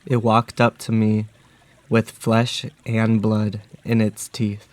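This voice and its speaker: Man narrating a dark story flatly. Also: fairly low pitch, takes it slowly, no echo. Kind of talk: first-person story narration.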